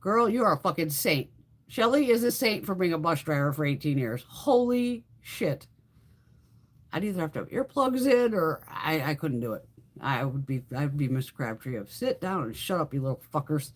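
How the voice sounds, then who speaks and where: A woman's voice: sits low, animated, moderate pace. A woman hosting a casual makeup livestream, telling blunt, heavily profane stories while chatting with viewers. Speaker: beauty livestream host. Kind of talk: casual live chat while doing makeup.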